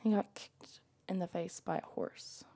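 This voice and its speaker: Creaky-voiced woman trading playful quips. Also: on the low side, fairly even intonation, dark tone, in a whisper. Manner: playful, quick quips and reactions. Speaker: podcast co-host. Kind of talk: casual chat.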